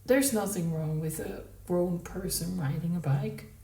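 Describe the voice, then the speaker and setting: A woman reading a novel aloud, voicing a bewildered, awkward married man in plain, flat replies. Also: fairly low pitch, measured pace, distant mic. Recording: roomy, from the mic.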